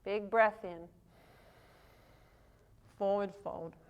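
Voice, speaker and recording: A woman teaching a yoga class, calmly cueing poses and breaths while moving, breathing heavily herself. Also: mid-range voice, extremely slow, a little hiss or hum. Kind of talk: guiding a yoga flow.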